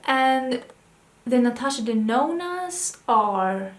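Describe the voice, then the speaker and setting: A young adult woman talks to camera in a fairly high voice, chatty and excitable, asking herself question after question as she thinks aloud. Her voice rings in a roomy, echoey space. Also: slow. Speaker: beauty vlogger. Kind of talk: casual chat, thinking aloud. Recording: roomy echo.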